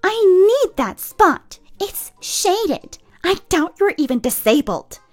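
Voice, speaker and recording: A pushy, entitled woman barks demands in a shrill, high voice, as a woman storyteller puts her on. She is loud and bossy, with lively swings in pitch. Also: slow, exaggerated voice. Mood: demanding. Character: rude entitled woman yelling from a truck.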